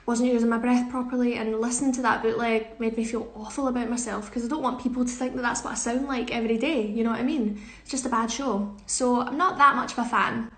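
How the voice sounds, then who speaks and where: A young woman, a musical theatre performer, chatting casually in a social media Q&A on a phone, giggly and self-deprecating. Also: on the high side. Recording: echoey room.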